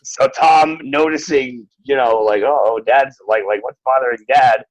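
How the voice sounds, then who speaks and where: A man's voice: medium pitch, unhurried, dry recording, rough recording. A young adult man, a podcast co-host, telling laid-back stories at home and swearing freely. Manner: doing his toddler's voice in anecdotes. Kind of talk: casual chat.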